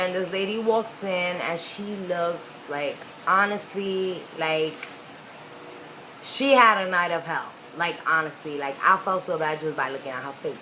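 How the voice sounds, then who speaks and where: A young woman recounts a story from her teens in an unfiltered, profane storytime style, full of "like"s. Her voice sits a little low but comes through bright and forceful. A faint hum of room noise sits under her. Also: low-quality recording. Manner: candid, profane, rambling with many "like"s. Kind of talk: casual storytime monologue.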